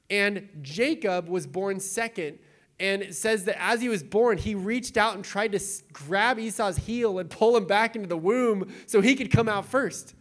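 A young adult man preaching a sermon as a pastor, in a casual, conversational way with lots of fillers, sometimes turning tearful. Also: high-pitched. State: tearful, voice breaking.

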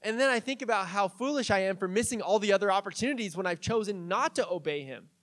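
A young man with a high, light voice preaching a casual sermon. He chats with his congregation, mixing stories and small jokes with easy fillers. His delivery stays relaxed and conversational. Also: fast talker. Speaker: pastor.

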